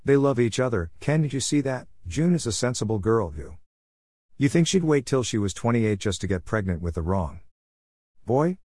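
A man's voice: mid-range voice, sing-song, normal speed, a little mellow, dry recording, studio quality. A man voicing a drunk, blunt middle-aged father in a read-aloud story. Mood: tipsy. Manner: tipsy, blunt. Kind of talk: storybook character voice.

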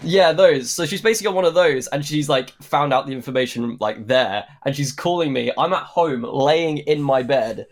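A young man talks casually in an interview, circling his points with "like" and "um" and restarting sentences. His voice sits at a middle pitch for a man. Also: normal speed, few pauses. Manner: rambling, many fillers and restarts. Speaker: actor guest.

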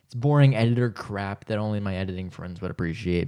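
A young man co-hosting a podcast, excitable and teasing, laughing often. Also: on the low side, fast, clear, resonant tone. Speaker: podcast co-host and editor. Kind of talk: casual banter.

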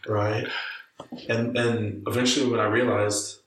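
A man co-hosting a podcast, chatting casually and swearing freely as he tells animated stories. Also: lowish voice, a little slow. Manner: profane, animated storytelling. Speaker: podcast co-host. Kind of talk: casual chat. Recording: roomy, far from the mic, faint noise.

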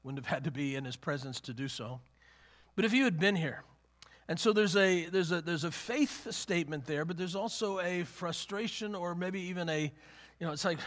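This sermon comes from a man with a high, slightly bright voice speaking at normal speed. His delivery is chatty, full of repeats and restarts, and he acts out what the people in his story said.

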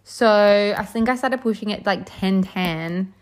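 A young woman recounts a personal story in a relaxed, chatty way. Her voice sits at a middle pitch, and her talk keeps drifting through "um" and "like". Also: unhurried. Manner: chatty, full of fillers like "um" and "like". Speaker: vlogger. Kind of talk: casual storytelling.

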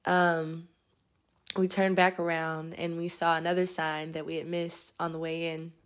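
A woman hosting a podcast as an energetic healer, telling a travel story in a chatty way and laughing often. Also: sits low, a little slow. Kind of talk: casual storytelling.

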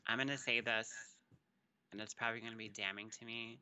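A man's voice: mid-range voice, fairly even intonation, fairly quick, bright, forceful tone, clear, resonant tone. A man co-hosting a casual podcast, telling rambling, laid-back stories. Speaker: podcast co-host.

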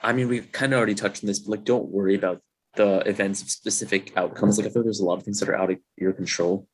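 A man's voice: fairly low pitch, fast talker, breathy edge. A young man from Virginia, a podcast guest, chatting casually and rambling over a video call, with "like" in nearly every sentence. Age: young adult. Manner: relaxed, rambling, heavy use of "like". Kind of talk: casual chat. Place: dorm room.

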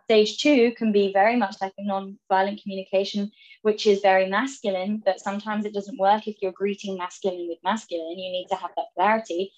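Brief: woman from England, podcast guest, midrange voice, halting and repetitive, reflective. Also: medium pitch, little pitch movement, a little mellow, rough recording. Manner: halting, repeats words, acts out quoted lines. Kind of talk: reflective conversational interview.

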